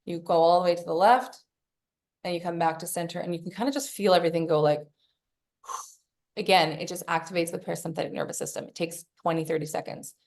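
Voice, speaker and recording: A woman's voice: lowish voice, fast, creaky, a little mellow. A woman hosting a podcast, giving casual self-help coaching, swearing freely and acting out her own inner voice. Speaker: podcast host.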